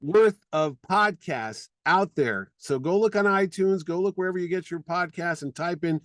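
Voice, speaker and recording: A man co-hosting a podcast who rants with strong, animated opinions in a casual chat. His voice sits a little high for a man. The sound is dry and close, with no room echo. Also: normal speed. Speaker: podcast co-host.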